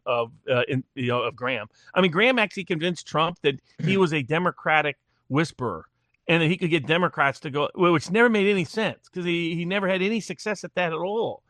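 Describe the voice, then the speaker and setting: A man's voice: a little high, fairly bright tone, no echo. A man giving political commentary in a casual remote talk, with frequent restarts and repeated words as he builds long arguments.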